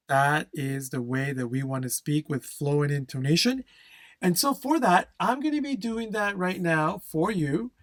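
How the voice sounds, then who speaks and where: A man teaching a speaking-test lesson, explaining scores slowly and emphatically and checking in with "okay?" after each point. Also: on the high side, dry recording. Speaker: language test instructor.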